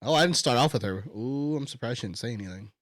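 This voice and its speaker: A man's voice: medium pitch, expressive, fast, no room sound. A man co-hosting a casual podcast, joking and swearing freely. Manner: profane, joking. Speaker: podcast co-host.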